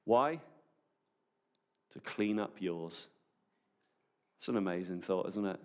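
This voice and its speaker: A man preaching a sermon at a church service, animated and conversational, full of rhetorical questions. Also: sits low, slow, smooth.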